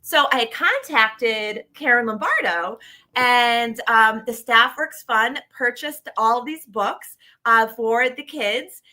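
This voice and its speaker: A woman's voice: on the high side, slow pace. A middle-aged woman, a shelter director, telling stories with enthusiasm in a casual interview. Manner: enthusiastic, animated storytelling.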